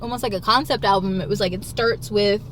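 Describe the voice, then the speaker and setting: A woman's voice: medium pitch, fairly even intonation, fast. A bubbly woman guest telling stories in casual chat, laughing often and saying "like" a lot, recorded inside a car. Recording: loud car and road noise.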